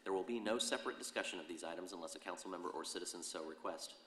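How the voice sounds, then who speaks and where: A very low-voiced man chairs a city council meeting, running through motions and votes at a fast clip. His voice rings in a roomy council chamber with a long reverb tail, and he reads the procedural rules aloud in a brisk, businesslike way. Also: a bit bright.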